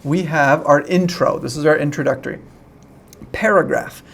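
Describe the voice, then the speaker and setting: A man's voice: fairly high pitch, normal speed, vocal fry. A young man teaching an online English lesson in a chatty way, often checking in with "right?".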